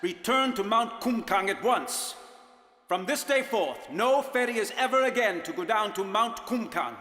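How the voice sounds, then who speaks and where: Stern, imperious cartoon ruler. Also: male voice, sits high, expressive, normal speed, pushed and bright. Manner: imperious, formal. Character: stern commanding male ruler. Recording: echoey hall reverb.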